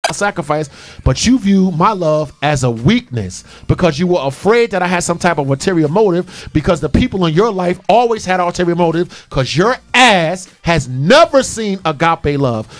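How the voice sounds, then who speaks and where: Passionate high-voiced radio host man. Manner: passionate, preachy, repetitive emphasis. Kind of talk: call-in radio talk.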